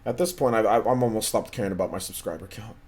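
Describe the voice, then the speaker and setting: Hosting a gaming stream, this man talks fast in a darkish voice on the low side. He keeps the chat laid-back and slangy, answering viewers and circling back to repeat himself often.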